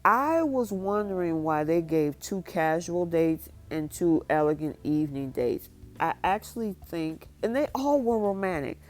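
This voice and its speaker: Low-voiced woman chatting through a show recap. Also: expressive, a little slow, a little mellow, soft background music. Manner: chatty, retells scenes by acting out quotes, emotional. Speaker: recap vlogger. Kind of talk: casual recap and review.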